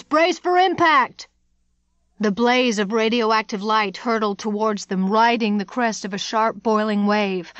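A woman reading an abridged thriller audiobook in a measured, steady narration on a close studio mic. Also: medium pitch, dry recording.

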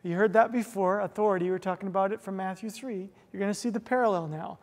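A male pastor preaching a sermon, telling a story earnestly with frequent restarts and quick "right?" asides. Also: high voice. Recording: long reverb of a large hall.

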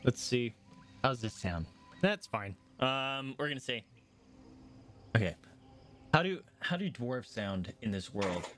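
A man's voice: mid-range voice, expressive, slow pace, pauses often, over music. A man narrating as game master in a loose, laughing way with lots of fillers and restarts.

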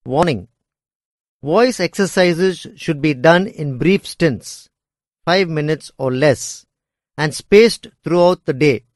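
A man reading a scripted lesson on speaking skills in a measured, deliberate way. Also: on the high side, no room sound, clean studio sound. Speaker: instructor.

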